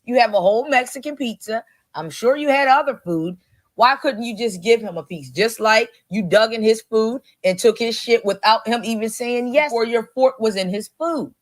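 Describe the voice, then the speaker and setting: A woman's voice: fairly high pitch, normal speed. Blunt scolding woman, casual reaction talk. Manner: blunt, scolding, laughs while talking. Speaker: co-host reacting to a video.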